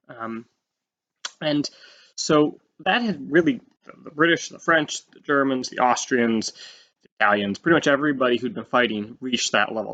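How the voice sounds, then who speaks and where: A man at medium pitch teaches a history lesson in a loose, conversational way. He drops in fillers and livens up the explanation by acting out short quotes. The audio is slightly dull and lo-fi. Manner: casual, animated, with fillers and acted-out quotes.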